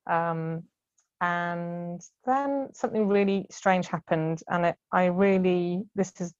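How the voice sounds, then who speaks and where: Chatty woman, lowish voice. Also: slow pace, no room sound, muffled recording. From United Kingdom. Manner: chatty, frequent laughs and ums. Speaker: guest sharing birth story. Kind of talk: casual storytelling in conversation.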